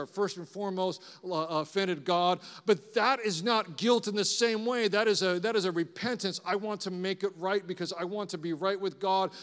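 A man preaches in a high, lifted voice, animated and conversational. He keeps throwing rhetorical questions at the listeners. His words trail off into the long reverb of a large hall. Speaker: pastor. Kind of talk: sermon.

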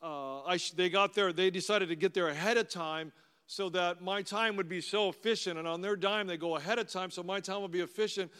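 This middle-aged pastor has a brisk, high-sitting voice that is clear and resonant. He preaches a storytelling sermon of personal anecdotes, conversational and warmly humorous, captured with long large-hall reverb.

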